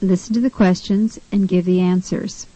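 A woman reads the steps of an English pronunciation lesson in a clear, measured way. Her voice is warm and mellow, and the recording is dry and close. The style is scripted teaching narration. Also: lowish voice, fairly even intonation, dry recording, rough recording.

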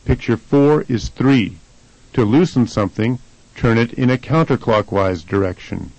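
A man reading answers and sample dialogue lines for a scripted language lesson in a plain, even way. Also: mid-range voice, unhurried, no echo, rough recording. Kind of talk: scripted instructional narration.

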